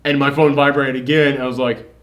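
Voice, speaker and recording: A young man co-hosting a casual movie review chat, excitable and swearing freely as he acts out quotes. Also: medium pitch, quick pace. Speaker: co-host of a movie review show.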